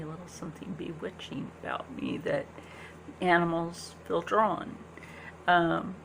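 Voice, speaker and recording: Slow, gravelly-voiced woman vlogger. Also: lowish voice, background noise. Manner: soft-spoken, drifts into whispers, many ums. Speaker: beauty vlogger. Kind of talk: casual makeup tutorial chat. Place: indoors at home.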